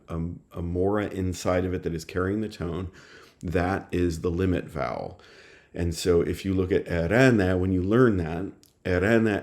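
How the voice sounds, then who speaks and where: A man's voice: low-pitched, darkish tone. A man teaching a recorded lesson, explaining step by step in a patient, methodical way with frequent small fillers. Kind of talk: recorded lecture.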